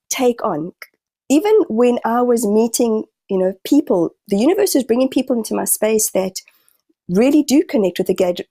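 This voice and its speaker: Mellow, dry-voiced woman searching for words. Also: mid-range voice, dry recording. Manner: halting, searching, frequent restarts. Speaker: guest medium and healer. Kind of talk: podcast conversation.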